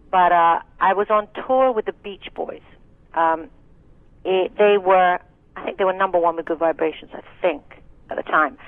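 Over a dry, tinny phone line with no room sound, a woman's low-leaning voice carries a casual interview. She is a Scottish singer and actress in her sixties, swapping frank, chatty anecdotes loaded with asides.

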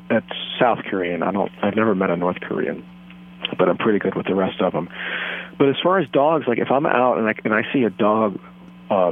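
A man in his thirties on a phone line, telling a rambling, earnest, self-deluded story in a deadpan comic way. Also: lowish voice.

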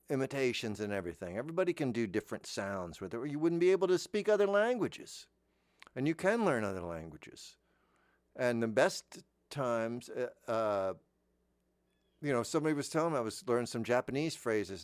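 A man's voice: mid-range voice, big pitch swings, moderate pace, no echo, studio quality. A middle-aged man hosting, talking in a casual monologue that rambles through restarts and asides. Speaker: host.

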